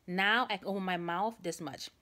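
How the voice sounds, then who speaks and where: A young woman with a fairly low-pitched, sharp voice talks at normal speed, vlogging to camera. She tells a rambling story, chatty and calling her viewers "guys," though a sore jaw makes it hard for her to open her mouth and talk.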